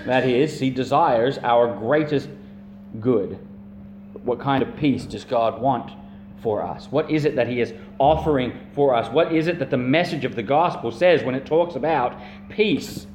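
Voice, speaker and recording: A man's voice: mid-range voice, darkish tone. A man preaching a sermon as a pastor, earnest and emphatic, repeating phrases and drawing out key words. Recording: echoey room with faint hum.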